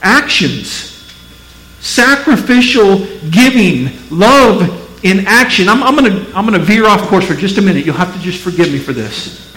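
A pastor from Missouri preaching a sermon to his church, emphatic, swinging between loud peaks and low, slow passages. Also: big pitch swings, roomy sound, a little hiss or hum, low-quality recording. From Missouri, USA. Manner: emphatic, rising to near-shouted peaks, then dropping low and slow.

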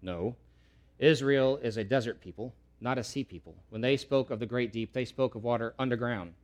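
A man preaching a sermon in an earnest way, repeating key words for emphasis and rising loud when quoting pleas. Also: medium pitch, normal speed. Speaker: pastor.

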